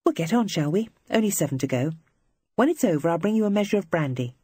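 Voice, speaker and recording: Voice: mid-range voice, big pitch swings, normal speed, slightly rough, no room sound, clean studio sound. A reader voicing a young female wartime nurse who is earnest, kindly and coaxing. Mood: bright. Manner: bright, coaxing, encouraging.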